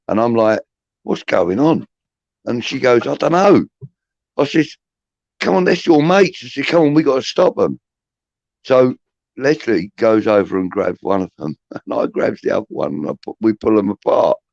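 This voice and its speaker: A man's voice: sits low, vocal fry, a little mellow, no room sound. A middle-aged man, hosting a podcast and rambling through chatty, swear-laden anecdotes. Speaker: podcast host. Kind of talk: casual storytelling. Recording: dull, muffled audio.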